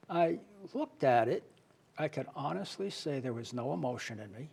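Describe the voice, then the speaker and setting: A man's voice: medium pitch, animated, moderate pace, vocal fry, darkish tone, breathy edge. A man being interviewed, telling his own story candidly and earnestly, often restarting his phrases. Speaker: interview guest, playwright and author.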